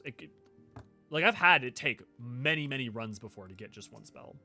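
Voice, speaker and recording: A man chats casually with his viewers while playing, enthusiastic and rambling, often restarting his sentences. His voice has a bright, forward tone at an average pitch. Faint game music runs behind him. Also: animated, fast. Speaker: game streamer and lore creator. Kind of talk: casual gameplay chat with viewers.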